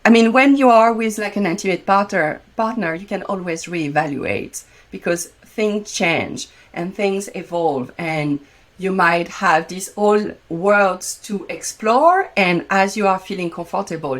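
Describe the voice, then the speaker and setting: French-accented woman, chatty intimacy coach. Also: medium pitch. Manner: frequent fillers, loose phrasing. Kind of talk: casual conversational interview.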